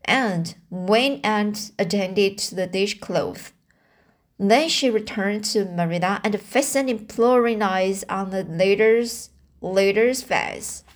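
A woman reads a novel aloud at a slow, careful pace, in an average-pitched voice. She stumbles over harder words and goes back to repeat them. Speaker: reader.

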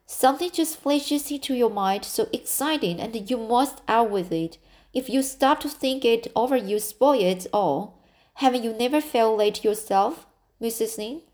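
A woman's voice: fairly high pitch, expressive, measured pace, darkish tone. A woman reading the part of an eager, talkative orphan girl in an audiobook, earnest and confiding.

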